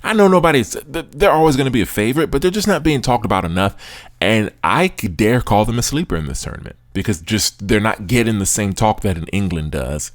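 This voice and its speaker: A man's voice: lowish voice, animated, fairly quick, dry recording, studio quality. A young American man hosting a sports podcast, talking casually and with animation, with slang and frequent laughs. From United States. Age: young adult. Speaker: podcast host.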